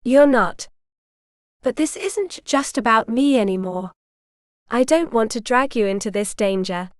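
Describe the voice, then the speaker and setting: Woman voicing a tired young noblewoman, soft earnest speech, smooth voice, dry close sound. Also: fairly high pitch, animated, measured pace, no room sound.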